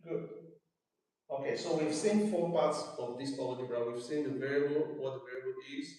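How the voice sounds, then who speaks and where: A man with a Nigerian accent teaching a live math lesson, repeating each definition slowly and quizzing his student. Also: medium pitch, mellow. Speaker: math tutor. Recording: very echoey room, mic far off.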